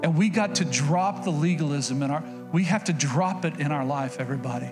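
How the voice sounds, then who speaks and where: Folksy preaching man over loud music. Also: on the high side, fairly quick. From Oklahoma. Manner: folksy, conversational preaching with repetitions and acted-out quotes. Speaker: pastor. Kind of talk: sermon.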